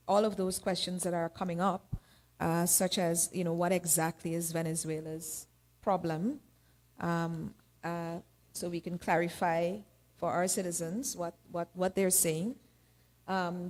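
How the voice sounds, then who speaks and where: A woman's voice: on the low side, flat delivery, unhurried, darkish tone. A woman moderating a panel, speaking with many fillers.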